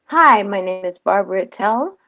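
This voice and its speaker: A woman's voice: medium pitch, lively intonation, moderate pace, fairly bright tone, dull audio. Giggly woman on a video call. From California. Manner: giggly, laughs often. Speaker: acting student. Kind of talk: reading a commercial script in an online acting class.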